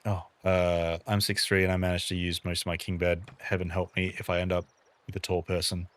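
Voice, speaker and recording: A man's voice: low voice, completely flat delivery, brisk, fairly bright tone. A man streaming a survival game, chatting casually and thinking aloud with a wry humor. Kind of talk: casual gameplay chat.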